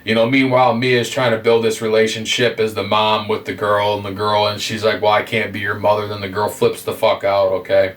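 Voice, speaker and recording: A man giving a rambling game review, full of constant swearing and animated retelling. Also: on the low side, fairly quick, hardly any pauses, recorded from a distance. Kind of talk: profane ranting game review.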